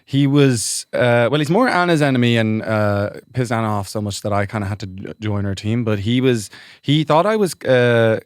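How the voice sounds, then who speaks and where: A man's voice: mid-range voice, moderate pace, smooth, no room sound, studio quality. A man co-hosting a podcast, telling rambling comic stories and laughing as he goes. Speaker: podcast co-host. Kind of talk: comic storytelling chat.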